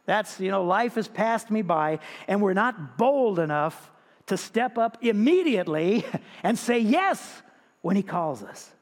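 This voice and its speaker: A man's voice: high voice, very animated, a little slow. A male pastor preaching a sermon in a conversational way, often turning to the congregation with rhetorical questions. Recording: long reverb of a large hall.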